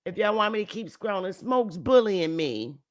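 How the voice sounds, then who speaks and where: A woman's voice: medium pitch, lively intonation, moderate pace. A woman hosting a casual livestream, talking loosely and profanely and laughing often as she goes. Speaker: livestream host.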